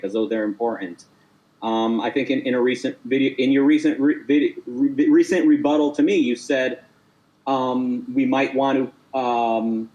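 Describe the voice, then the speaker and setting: A man's voice: medium pitch, darkish tone, dull audio. A man in a casual debate call, talking hesitantly with frequent stammers and restarts as he presses his point.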